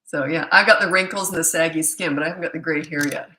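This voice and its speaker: Speaking fast in a low-sitting, bright, forceful voice, a woman in her sixties from Canada rambles through a live stream, full of fillers and self-corrections. She's a parenting coach reading viewer comments aloud, recorded in a room with echo.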